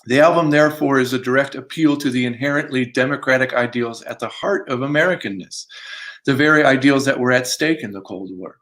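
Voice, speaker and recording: Man, american, book reading, academic, self-mocking, uh fillers, mid pitch. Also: fairly quick, a bit bright. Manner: academic, self-deprecating asides, frequent uh fillers. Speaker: author giving a book reading. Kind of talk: reading from his book with asides.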